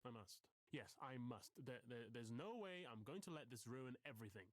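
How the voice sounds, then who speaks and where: A melodramatic, self-pitying male English professor in a video game. He talks in florid, theatrical sentences, mid-pitched, close and dry. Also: very animated, brisk, no room sound. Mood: brooding. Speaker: therapy client.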